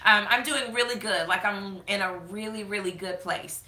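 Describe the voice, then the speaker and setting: Bright-voiced tearful woman chatting. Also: medium pitch, moderate pace, roomy sound. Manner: chatty, heartfelt, many fillers and restarts. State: tearful, fighting back crying. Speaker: beauty vlogger hosting a live chat. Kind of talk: casual live-stream chat reading comments.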